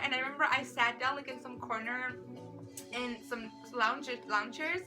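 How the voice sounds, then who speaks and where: A woman's voice: high-pitched, moderate pace, over music. A young adult woman telling an embarrassing story to her sister, laughing as she goes. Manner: giggly, laughs through her lines. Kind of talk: casual storytelling.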